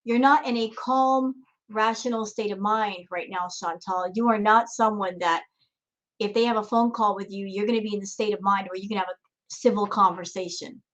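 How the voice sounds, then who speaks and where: A woman giving reaction commentary, calmly lecturing the person in the clip she is watching. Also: medium pitch, normal speed, low-quality recording. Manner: calm, lecturing, addresses the streamer directly.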